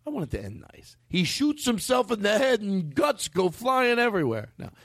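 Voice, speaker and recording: A man's voice: high-pitched, wildly swooping pitch, normal speed, vocal fry, a bit bright, no room sound, studio quality. A man hosting a casual comedy podcast, rambling through a story and laughing a lot.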